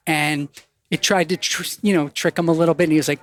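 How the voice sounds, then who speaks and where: Male guest, higher-pitched voice, animated storyteller who plays out the people he quotes. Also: a little fast. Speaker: podcast guest. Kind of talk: casual storytelling in conversation.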